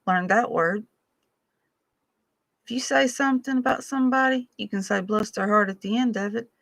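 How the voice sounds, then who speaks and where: A woman's voice: a little high, normal speed, vocal fry, fairly bright tone, dry recording. A woman telling folksy, humorous stories from her past in a casual way. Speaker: storyteller vlogger. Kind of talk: casual storytelling.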